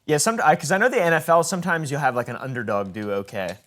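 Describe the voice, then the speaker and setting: A man from the United States hosting a comedy interview, deadpan and halting with fillers. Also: on the high side. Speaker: host.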